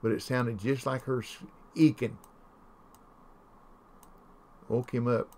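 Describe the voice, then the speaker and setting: A man with a drawl talks easily as he streams a game, at an ordinary middle pitch. He drifts from one homespun story to the next in a loose, rambling way. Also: level tone, fairly quick. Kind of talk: casual chat while gaming.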